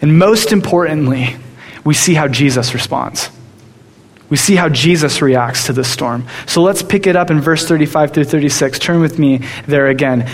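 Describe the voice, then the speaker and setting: Young preacher in a reverberant hall. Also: male voice, on the high side, normal speed. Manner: storytelling, animated. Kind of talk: sermon.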